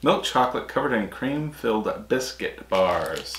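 A man's voice: mid-range voice, expressive, unhurried, a bit bright, reverberant. A man co-hosting a casual snack-tasting vlog, reading out labels and giving short, easygoing replies. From United States. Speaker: vlog co-host.

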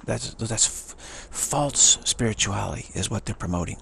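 A man's voice: on the low side, lively intonation, normal speed, fairly bright tone, slight background noise. A man giving an emphatic spiritual talk, often repeating and restarting words. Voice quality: gravelly and husky. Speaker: spiritual teacher.

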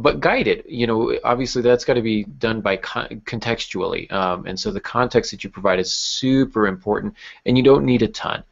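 Gravelly-voiced man hosting a podcast. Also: fairly low pitch. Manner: thoughtful, with many fillers and restarts. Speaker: podcast host. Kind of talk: casual writing craft discussion. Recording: dull lo-fi podcast audio.

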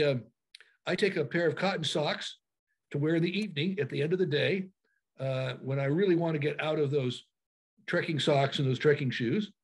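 Man, husky voice, fairly high pitch, webinar presenter, frequent ums and restarts, video call sound. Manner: halting, many fillers and restarts.

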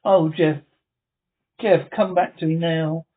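A man's voice: on the high side, steady tone, slow pace. A man reading the part of a loving, anxious wife, speaking tenderly and pleading. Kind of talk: amateur script reading. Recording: tinny phone-like sound.

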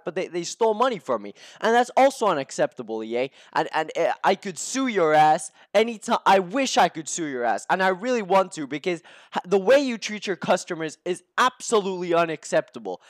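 A man's voice: sits high, no echo, studio quality. A young man doing live commentary over a video game as a gaming YouTuber, ranting and swearing heavily and tripping over his words as he restarts sentences. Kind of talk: live gameplay commentary rant.

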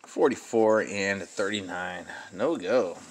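A man's voice: sits low, slow, slight background noise. A man giving casual running commentary as he scratches lottery tickets, muttering numbers and sighing and groaning at losses.

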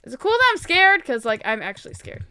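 A young woman playing a game and commentating, excitable and quick to gasp and shriek. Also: very high voice. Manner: excitable, gasps and shrieks often. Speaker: gaming YouTuber. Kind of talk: Minecraft let's-play commentary.

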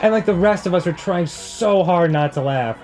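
A man's voice: high-pitched, moderate pace, faint music behind. Rambling man telling stories over a game. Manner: rambling and laughing, with loud mimicked voices. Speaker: co-host. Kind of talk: casual storytelling while gaming.

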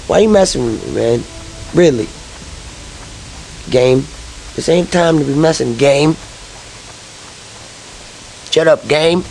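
A man talks through a video game in casual, profanity-laden commentary. His voice is gravelly and sits a little high. He grumbles and vents frustration as he plays. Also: darkish tone, a little hiss or hum, low-quality recording. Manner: frustrated, swears a lot. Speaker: let's-play gamer.

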